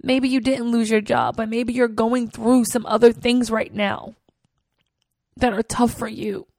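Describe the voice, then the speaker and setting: Earnest woman podcast host, gravelly texture, dry close mic, personal storytelling. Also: a little high, steady tone, a little slow, darkish tone, no echo. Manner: earnest, heartfelt, with fillers and repeats.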